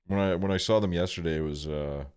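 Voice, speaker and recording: A man's voice: deep voice, fast talker, a little mellow, clear, resonant tone. A young man streaming, telling a rambling story in a laid-back way and swearing often.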